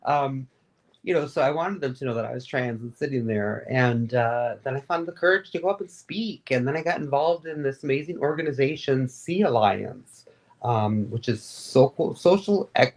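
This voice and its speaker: A woman being interviewed, telling stories in a rambling, animated and candid way, with frequent fillers. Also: extremely low pitch. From Florida. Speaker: guest, advocate and radio host. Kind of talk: casual interview storytelling.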